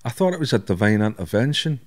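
A man's voice: fairly low pitch, very animated, quick pace. A middle-aged Scottish man, a podcast guest, telling blunt stories in a candid interview, swearing and laughing at himself.

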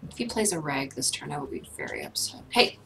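Chatty young woman with lively pitch. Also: fast talker, vocal fry, noisy background. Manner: chatty, playful, scolds her cat between plays. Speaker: gaming vlogger. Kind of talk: casual gameplay commentary. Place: home, indoors. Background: game music.

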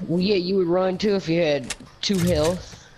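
A man's voice: high-pitched, unhurried, a little mellow, slight background noise, rough recording. A man bantering cockily with a friend while playing an online game. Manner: cocky, dismissive. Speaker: gamer. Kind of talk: casual gaming chat.

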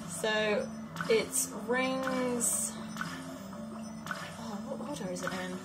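A woman giving casual let's-play commentary, chatting and muttering to herself, with sudden loud frustrated outbursts. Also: on the high side, takes it slowly, pauses often. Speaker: gaming video creator. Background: game music.

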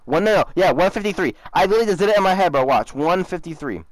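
A man's voice: sits high, lively intonation, fast, no room sound. Mocking young man on a headset. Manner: mocking, repeats himself, says bro a lot. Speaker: YouTuber trolling a scammer. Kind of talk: casual gaming chat.

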